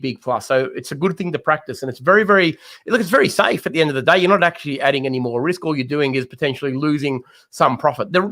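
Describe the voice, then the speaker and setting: In a live market analysis chat, a man co-hosts a trading show, laying out trading ideas for viewers as their mentor. He has a medium-pitched, slightly bright voice.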